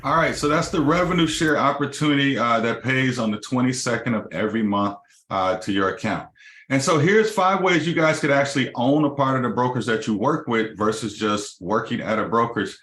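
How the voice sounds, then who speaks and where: A man's voice: medium pitch, a little fast, fairly bright tone. A man giving a business presentation to real estate agents, explaining step by step with frequent fillers. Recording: roomy echo.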